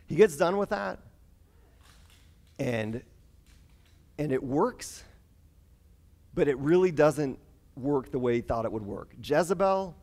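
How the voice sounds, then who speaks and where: A man teaching a conversational Bible lesson, retelling stories animatedly with casual asides and fillers. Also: a little high.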